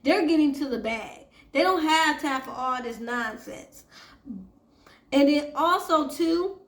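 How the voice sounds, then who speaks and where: A woman's voice: sits high, animated, takes it slowly, a bit bright, reverberant. A woman hosting a casual TV recap and review, chatting straight to her viewers. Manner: chatty, addresses viewers as y'all. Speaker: TV recap host.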